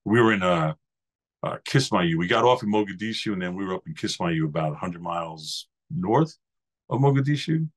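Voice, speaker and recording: A man in his fifties from New York talks in a fairly low voice as a podcast guest. He tells his stories in a loose, easygoing way and wanders from one memory to the next like a casual storyteller. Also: lively intonation, brisk. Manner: rambling anecdotal storyteller, easygoing. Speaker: podcast guest, former Marine.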